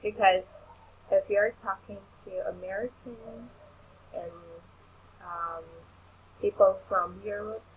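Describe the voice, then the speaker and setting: A woman tutoring English in an online lesson, explaining things slowly and patiently. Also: mid-range voice, fairly even intonation, phone-quality sound, slight background noise.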